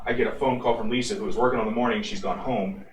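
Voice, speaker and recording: A man co-hosting a radio after-show, telling a story in an animated, profane way. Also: lowish voice, fast, a little hiss or hum. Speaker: radio co-host. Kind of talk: casual storytelling chat. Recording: echoey room, mic at a distance.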